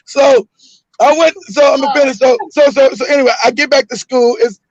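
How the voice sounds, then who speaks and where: Animated high-voiced man telling a story. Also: a little fast, no echo, highs cut off. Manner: animated, laughing often, swearing, raises his voice for punchlines. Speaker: host. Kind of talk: casual storytelling.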